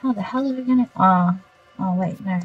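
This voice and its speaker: A woman's voice: medium pitch, a little fast, slightly rough, narrow, tinny audio, faint music behind. An Australian woman streaming a video game, chatting casually with viewers and muttering reactions as she plays. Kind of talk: casual gameplay chat with live viewers.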